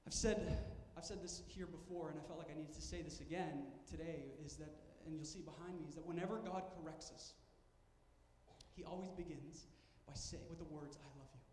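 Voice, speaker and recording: Pastor, male, high voice, emphatic storyteller, long church-hall reverb. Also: fairly even intonation, fairly quick, darkish tone, slight background noise. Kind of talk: sermon. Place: church sanctuary. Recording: echoey church hall with faint ambience.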